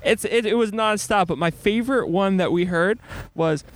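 A young man with a fairly high voice tells travel stories on his podcast, animated and quick to laugh at himself. He is recording on a sailboat at sea. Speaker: podcast host. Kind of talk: casual storytelling monologue.

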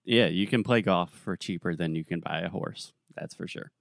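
A young adult man co-hosting a podcast, telling a story in a relaxed, casual way with plenty of fillers. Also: deep voice, normal speed, vocal fry, dry recording, clean studio sound. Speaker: podcast co-host.

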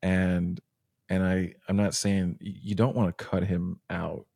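A man's voice: low-pitched, little pitch movement, a little slow, creaky, warm tone, husky, dry recording, studio quality. A man hosting a parenting podcast, thinking aloud with fillers and restarts as he gives advice. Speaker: podcast host. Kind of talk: casual advice chat.

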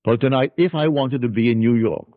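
A man's voice: mid-range voice, brisk, no room sound. A man giving an earnest, emphatic spiritual lecture, heard on an old tinny archival tape recording. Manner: earnest, emphatic, rising and falling delivery.

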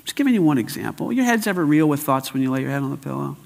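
An older man preaching a sermon as pastor, emphatic, swinging between loud and hushed. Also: on the high side, lively intonation, rapid-fire, vocal fry. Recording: long hall reverb.

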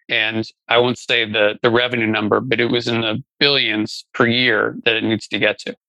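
Bright-voiced man telling his story. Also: medium pitch, little pitch movement, moderate pace, creaky, few pauses, dry recording, low-quality recording. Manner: conversational, many fillers and restarts. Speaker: guest, venture investor. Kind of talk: casual storytelling interview.

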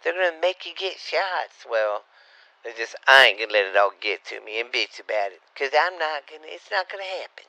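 A man's voice: mid-range voice, big pitch swings, normal speed, bright, forceful tone, no echo, rough recording. A middle-aged man from Louisiana with a Southern Louisiana accent, hosting a podcast in a loose, profane, rambling way. His voice sounds slightly sore. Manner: profane, loose, calls listeners baby. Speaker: podcast host. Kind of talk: rambling casual podcast talk.

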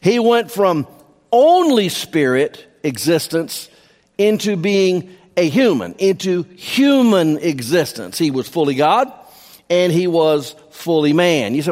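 A man's voice: on the high side, big pitch swings, takes it slowly, a little mellow. A man preaching a sermon as pastor, emphatic, repeating key phrases for stress. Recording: long hall reverb.

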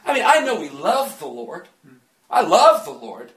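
Laughing high-voiced man preaching. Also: huge pitch swings, unhurried, fairly bright tone. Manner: chatty, laughing, jokes with the congregation. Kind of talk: sermon. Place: church. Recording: echoey church from a distant mic.

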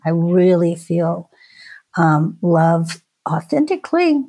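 A middle-aged woman talking as a podcast guest in a casual, reflective way, often pausing and restarting her sentences. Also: on the low side, big pitch swings, warm tone. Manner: hesitant, many restarts and ums.

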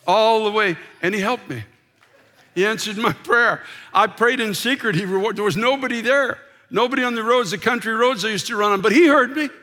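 A middle-aged male pastor preaching a passionate sermon from the pulpit, repeating words as he builds and dropping to soft, intimate tones. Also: high-pitched. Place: church sanctuary, from a pulpit. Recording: long reverb of a large church hall.

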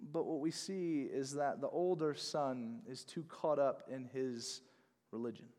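A man preaching a sermon as pastor, emphatic, swinging between hushed and loud delivery. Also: mid-range voice, unhurried, in a large hall.

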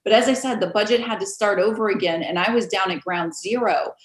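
A woman realtor telling stories in a casual interview, animated and quick to laugh, acting out the voices of others. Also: medium pitch. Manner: animated storyteller, acts out quoted voices, laughs often. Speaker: realtor guest. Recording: roomy echo.

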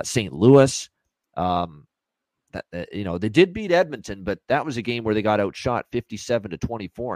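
A man hosts a sports betting show, chatting through his betting analysis quickly and casually, full of fillers. His voice is lowish and a bit dark, with no echo.

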